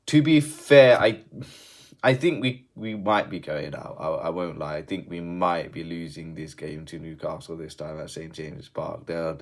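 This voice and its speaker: Male football vlogger, low voice, loose sweary rant delivery. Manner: swears freely, swings between laughing and grumbling. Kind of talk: casual post-match rant.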